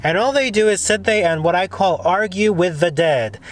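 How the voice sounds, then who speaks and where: A man hosts a casual conversation, talking in an earnest, rambling way with plenty of emphasis. His voice sits fairly high for a man. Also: moderate pace, a little hiss or hum. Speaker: host.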